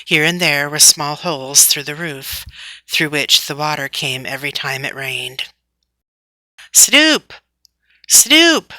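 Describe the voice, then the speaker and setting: Low, bright-toned woman reading a storybook. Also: moderate pace, no room sound, poor audio. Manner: steady, storytelling delivery. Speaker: audiobook narrator. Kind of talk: reading a children's classic aloud.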